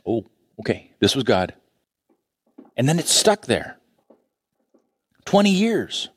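A man's voice: no room sound, clean studio sound. A middle-aged male pastor preaching a sermon, telling a story with energy and acting out the voices of its characters. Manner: animated storytelling, acting out voices with big pitch jumps.

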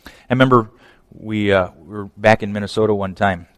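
A man preaching a conversational sermon, swinging from emphatic to hushed. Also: lowish voice, steady tone, brisk, no echo, big-room sound. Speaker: pastor.

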